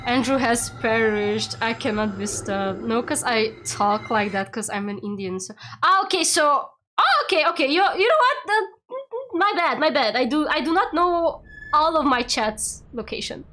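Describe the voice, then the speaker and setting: A young woman hosting a casual game stream, playful and teasing, quick to exclaim. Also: a little high, animated, bright, forceful tone, a little hiss or hum. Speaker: streamer and VTuber host.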